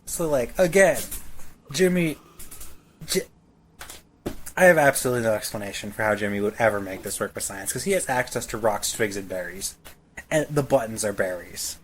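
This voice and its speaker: Podcast dude ranting about a cartoon, sarcastic, swears and stumbles over words, super animated pitch. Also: male voice, moderate pace, pauses often, a little hiss or hum. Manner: sarcastic, profane ranting with stammered restarts. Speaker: podcast co-host. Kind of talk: casual episode recap chat.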